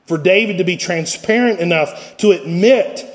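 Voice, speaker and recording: Pastor, male, high-pitched, sermon delivery with rising and falling intensity. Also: normal speed. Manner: preaching with swells and drops in intensity.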